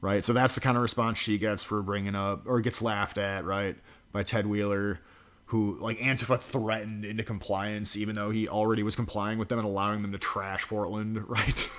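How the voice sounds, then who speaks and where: Male vlogger, somewhat low voice, sneering and profane, riffing over a news clip. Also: flat delivery, moderate pace, a bit bright. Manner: profane, mocking rant with frequent laughs. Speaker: political commentary vlogger. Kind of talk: reaction commentary.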